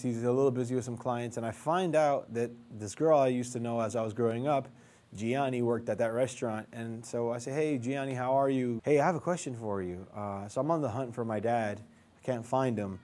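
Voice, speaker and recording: A young man with a mid-range, darkish voice tells the story of searching for his father in a casual, rambling way, acting out quoted dialogue as he goes. He's a vlogger sharing his life story.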